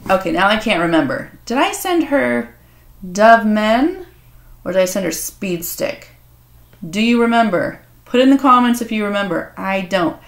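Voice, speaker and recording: A woman's voice: medium pitch, expressive, normal speed, gravelly. A woman host swearing and joking crudely in a casual unboxing vlog. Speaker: author and video host. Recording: echoey room.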